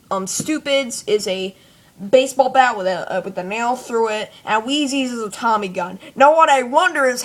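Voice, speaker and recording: A woman vlogger giving a rambling, casual fan commentary full of fillers. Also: on the high side. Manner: rambling, chatty, many fillers.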